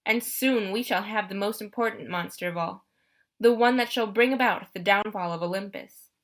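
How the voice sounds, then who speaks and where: In an audiobook, a woman puts on a menacing male monster who sneers at children with stiff, formal menace. The voice is bright and pointed, and it swings through a wide pitch range. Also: normal speed, natural voice. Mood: taunting. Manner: cold, formal, mocking. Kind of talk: audiobook character voice.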